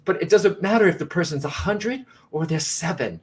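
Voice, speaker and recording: A man's voice: a little high, lively intonation, normal speed. A man co-hosting a live broadcast as a psychic medium, speaking earnestly and reassuringly straight to his viewers, often restarting and repeating phrases.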